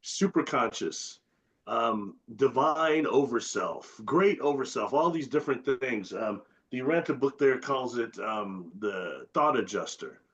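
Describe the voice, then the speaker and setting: A man as a guest in a casual chat, explaining ideas slowly and deliberately and listing terms one by one. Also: medium pitch, expressive, slightly rough, highs cut off.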